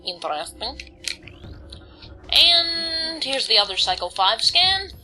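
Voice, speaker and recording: A woman's voice: high voice, very animated, takes it slowly, over music, low-quality recording. A woman casually commenting on her gameplay, reading on-screen text aloud and stumbling over words now and then. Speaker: let's play host.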